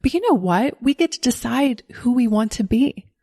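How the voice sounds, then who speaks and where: A woman's voice: a little high, expressive, moderate pace, warm tone. A woman in her forties hosts her own podcast in a candid, encouraging solo monologue. She speaks with a neutral American accent that carries a faint Southern trace, and she laughs often as she talks. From Southern United States. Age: 40s. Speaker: podcast host.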